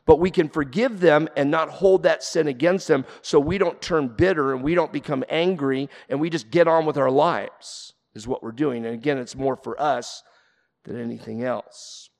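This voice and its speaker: Gravelly-voiced preacher man in a reverberant hall. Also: on the high side, normal speed. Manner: earnest preaching, rising to emphatic peaks. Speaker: pastor. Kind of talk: sermon.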